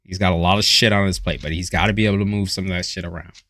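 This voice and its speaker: Low-voiced man hosting a casual live stream. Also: steady tone, rapid-fire, a bit bright, no room sound. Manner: casual, profane, reads viewer comments aloud. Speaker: tarot reader. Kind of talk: live-stream chat with viewers.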